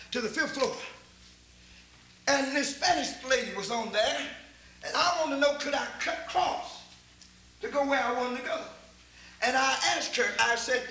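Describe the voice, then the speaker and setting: An older man with a Texan drawl preaches in a strikingly high, bright voice. He tells folksy stories, repeats himself and rises into shouts. The sound rings through an echoey church hall with faint background hum. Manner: folksy storytelling, repeats words, builds to shouts. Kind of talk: folksy sermon.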